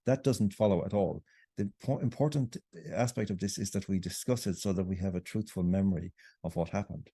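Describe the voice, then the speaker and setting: Older Irish man, low and husky, a passionate and polemical podcast guest. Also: warm tone, dry recording, clean studio sound. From Ireland. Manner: impassioned, polemical, emphatic. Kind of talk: conversational podcast interview.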